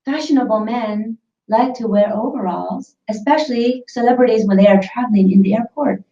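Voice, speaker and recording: A woman's voice: on the high side, fairly quick, dark tone. A woman co-hosting a casual live-stream chat show, playful and laughing often. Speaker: co-host. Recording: roomy, distant, dull live-stream audio.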